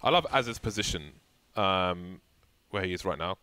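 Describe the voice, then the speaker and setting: Man, esports caster, bright tone, lower pitch, jokey excitable commentary. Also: clean tone. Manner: excitable, jokey, rapid play-by-play.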